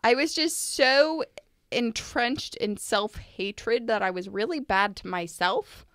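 A woman co-hosting a podcast in casual conversation, earnest and animated, with many "like" fillers. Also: on the high side, slow pace, dry recording, studio quality. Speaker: podcast co-host.

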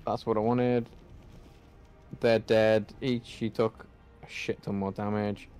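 A man's voice: lowish voice, little pitch movement, slow, darkish tone, faint music behind. A man playing a video game, muttering and swearing at it as he goes. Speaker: gamer. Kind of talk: game commentary.

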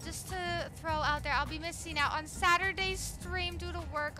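Bubbly high-voiced young woman streamer. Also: steady tone, moderate pace, few pauses, over loud music. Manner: bubbly, chatty, says bestie and slay. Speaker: livestreamer. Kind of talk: live gameplay streaming, reading chat.

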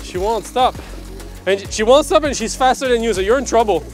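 A man's voice: extremely high pitch, animated, brisk, soft background music. Playful father vlogging on a handheld camera outdoors, voice jumping up and down. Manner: playful and teasing, often laughing. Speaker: father filming a family vlog. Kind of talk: casual vlog chat. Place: outdoors at a forest ice rink in snow.

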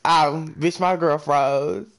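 A man hosting a casual gaming stream, loud and playful with constant trash talk. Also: on the high side, fairly even intonation, slow pace, creaky.

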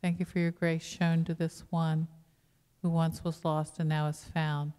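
Woman pastor, lowish smooth voice, chatty sermon full of rhetorical questions, church hall reverb. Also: flat delivery, unhurried, warm tone. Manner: conversational preaching with rhetorical questions to the congregation. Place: church sanctuary.

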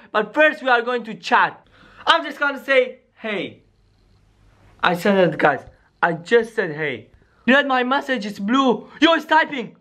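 A man hosting a scripted scary skit vlog, talking excitably to his viewers and constantly saying "yo" and "guys". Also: very high voice. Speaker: YouTuber.

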